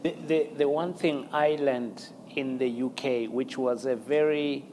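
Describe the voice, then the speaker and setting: A man hosting a conversational interview, telling lively stories and laughing often as he acts out quotes. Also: medium pitch, measured pace, slight background noise. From South Africa. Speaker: interview host.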